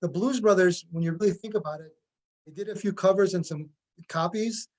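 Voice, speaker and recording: A man with a high-pitched voice talks through his band's music in an explanatory way. He lays out each point at length in relaxed interview chat. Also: a little fast. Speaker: tribute band musician.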